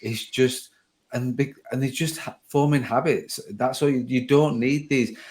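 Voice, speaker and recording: A man's voice: medium pitch, unhurried, a little mellow, a little hiss or hum. A man hosting a podcast in a casual, conversational tone. He rambles and restarts his sentences, correcting himself as he goes. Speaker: podcast host.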